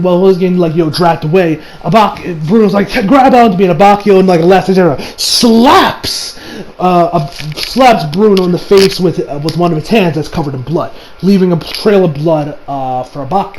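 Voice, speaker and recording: A man with a high-pitched voice recaps an anime episode in loose, casual talk. He rambles, restarts his sentences and leans on fillers as he goes. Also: fairly quick, few pauses, a little mellow, rough recording. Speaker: anime reviewer.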